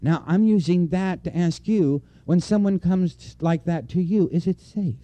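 Dark-voiced male preacher, earnest sermon. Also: high voice, moderate pace, no echo. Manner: earnest, personal, repeats lines for emphasis. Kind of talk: conversational sermon. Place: church before a congregation.

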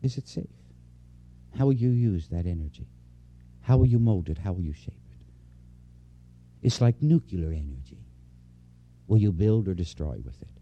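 A man's voice: low voice, animated, normal speed, long pauses, lo-fi sound. A man preaching a conversational sermon to a church congregation, earnest and personal, repeating key lines for emphasis.

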